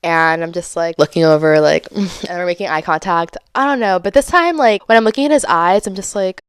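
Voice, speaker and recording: Animated young woman telling a story. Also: lowish voice, a little fast, clear, resonant tone, dry recording, studio quality. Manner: animated, dramatic, acts out quotes with exaggerated voices. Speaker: podcast host. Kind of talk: casual storytelling monologue.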